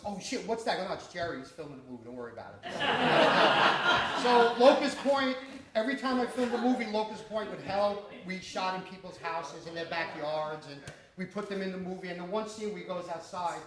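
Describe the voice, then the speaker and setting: A high-voiced man rattles off salty, laugh-filled stories about his low-budget shoots. He is caught from across an echoey screening room, the audience murmuring around him. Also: distant mic, slight background noise. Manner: profane, laughing, animated storyteller. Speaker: independent filmmaker answering audience questions. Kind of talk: casual storytelling Q&A.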